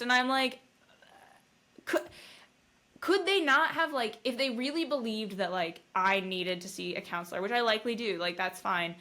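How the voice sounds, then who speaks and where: Woman podcast guest, candid, animated storytelling, bright forceful tone, fairly high. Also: moderate pace, pauses often. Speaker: podcast co-host sharing her recovery story. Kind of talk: casual podcast conversation.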